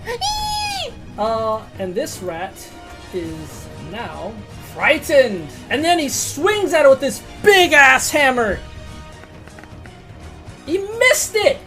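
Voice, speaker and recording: A woman's voice: high-pitched, animated, slow, a bit bright, soft background music. A woman narrating a tabletop game as game master, casual and profane, often laughing at the dice rolls.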